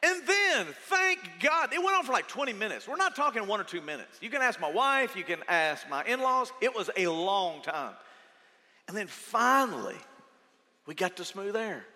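Man, pastor, sermon, animated storytelling, high voice, reverberant church auditorium. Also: moderate pace. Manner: animated storytelling, shouting at peaks.

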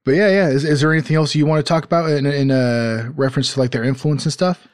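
A man hosts a casual podcast, rambling with lots of fillers and restarts. His voice is a little high and darkish, steady in tone and quick in pace, recorded clean in a studio with no room sound.

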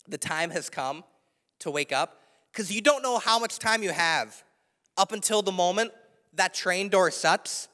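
A young male preacher with a notably high voice tells stories from the pulpit in a lively, conversational way. His words ring out with the long reverb of a large church hall. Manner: animated, chatty storytelling with frequent laughs. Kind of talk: sermon with personal story. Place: church sanctuary.

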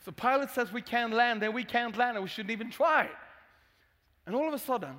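Swedish pastor with a high voice. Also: male voice, fairly quick, sharp tone. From Sweden. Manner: humorous storytelling, candid. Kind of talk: sermon. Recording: long hall reverb.

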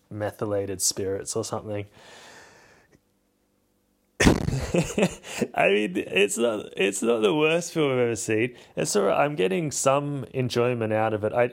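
A man talks through a film alone as a podcast host, rambling and wry, and he pokes fun at himself along the way. His pitch sits in an ordinary middle range, and his talk is loose and casual. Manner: rambling, wry and self-mocking, chuckling asides. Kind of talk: casual solo film commentary.

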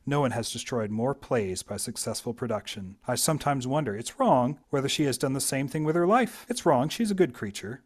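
A man reading aloud the lines of a dry, shrewd elderly grandmother from a novel in his own measured voice. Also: medium pitch, expressive, close to an everyday voice. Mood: wry.

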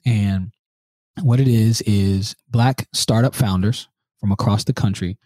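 A man's voice: fairly low pitch, a little slow, no echo, studio quality. A man speaking earnestly as a podcast guest, often checking in with "right?". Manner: earnest, animated, uses many rhetorical "right?". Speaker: interview guest. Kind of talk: podcast interview.

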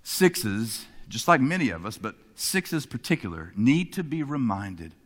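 A man preaching a sermon, moving between emphatic lines and hushed ones. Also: mid-range voice, normal speed, big-room sound. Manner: expressive, swinging between emphatic and hushed delivery. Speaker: pastor.

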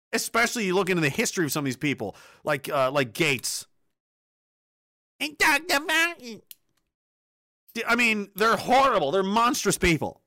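A man's voice: sits high, bright, forceful tone, no echo, clean studio sound. A man delivering a profane, ranting monologue, swearing freely and mocking others with impressions. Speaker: commentator.

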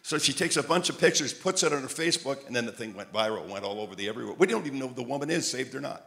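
A man preaching a sermon, telling lively stories and repeating phrases like a chant. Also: mid-range voice, racing, gravelly. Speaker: traveling preacher. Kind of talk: sermon with storytelling.

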